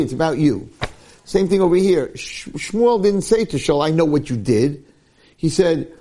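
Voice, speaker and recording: A man's voice: big pitch swings, normal speed, mellow. A man, a rabbi giving a Torah class, who acts out quoted dialogue, mixes in Hebrew and Yiddish terms and often repeats words as he restarts. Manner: acts out quoted dialogue with sudden jumps in pitch; peppers his talk with Hebrew and Yiddish terms. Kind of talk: animated Torah lecture.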